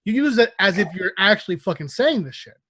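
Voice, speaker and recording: A man's voice: high voice, very animated, brisk, sharp tone, breathy edge, no room sound. A man hosting a podcast who teases his guest in casual banter and swears now and then. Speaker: podcast host.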